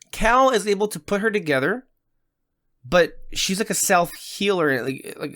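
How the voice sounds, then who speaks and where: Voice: medium pitch, a bit bright, no room sound. Dry-sounding podcast co-host thinking aloud. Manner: thinks aloud with restarts and hedges. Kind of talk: casual reaction chat.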